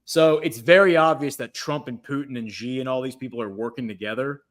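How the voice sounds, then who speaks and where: A man speaks as a guest on a political livestream. His talk rambles, full of restarts and fillers, in a medium-pitched voice. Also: brisk. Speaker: guest commentator.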